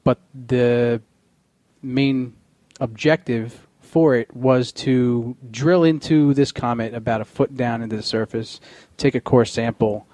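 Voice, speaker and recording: A man's voice: mid-range voice, steady tone, takes it slowly, a little mellow, no echo. Hesitant male podcast host. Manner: hesitant, full of fillers and restarts, laughs often. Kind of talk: casual podcast chat.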